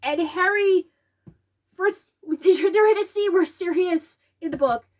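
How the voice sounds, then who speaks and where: A woman with a high voice shares a casual, heartfelt reflection on a film. She talks with real animation and slips into quoted lines. At times she sounds close to tears. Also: takes it slowly. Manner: animated, acts out quotes in a higher voice; emotional, gets choked up. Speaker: video essayist.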